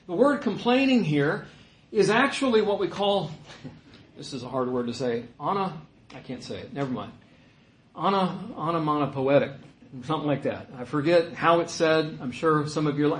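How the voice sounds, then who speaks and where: A man delivers a sermon in a relaxed, conversational way, with joking asides and sudden bursts of emphasis. His voice sits a little high for a man. The sound carries the echo of a roomy church hall. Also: moderate pace. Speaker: preacher. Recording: echoey room.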